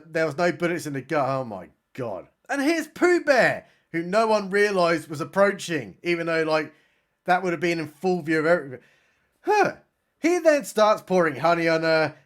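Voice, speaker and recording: Sarcastic guy roasting a movie, voice jumps high and all over the place. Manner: sarcastic, mocking, does quick voices for characters. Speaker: film reviewer. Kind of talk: sarcastic comedic movie recap.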